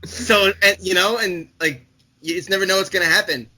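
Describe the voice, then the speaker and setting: A young man co-hosting a casual chat show, talking in halting, rambling bursts full of restarts and fillers. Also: sits high, bright, forceful tone, husky. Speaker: podcast co-host.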